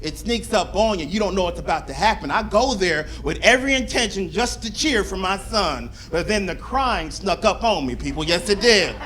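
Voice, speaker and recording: A middle-aged man from Florida doing a stand-up comedy set on a club stage, telling a story with lively, animated delivery. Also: normal speed, few pauses, slight background noise. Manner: animated storytelling, squealing high shouts when acting out his crying.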